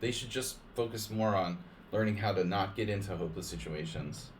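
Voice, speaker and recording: A man's voice: lowish voice, a little fast, far from the mic, slight background noise. A man casually explaining chess to viewers during a live stream, rambling with lots of fillers.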